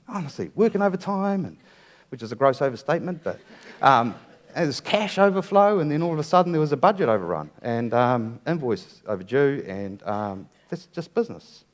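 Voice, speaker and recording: A middle-aged man giving a playful, pun-filled talk on stage to a design audience. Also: medium pitch. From New Zealand. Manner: playful, wry storytelling full of puns. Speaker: design conference speaker.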